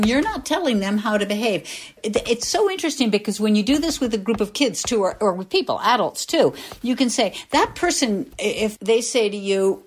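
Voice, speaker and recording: An older woman, a former school nurse, explaining an idea in casual conversation, reflective and patient, with small restarts. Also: mid-range voice.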